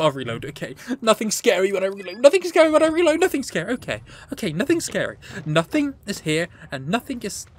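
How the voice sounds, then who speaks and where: A woman's voice: on the high side, dry recording. A woman hosting a horror game let's play, jumpy and joking, swearing freely and talking back to the characters on screen. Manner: animated and joking, laughs often. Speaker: gaming channel host.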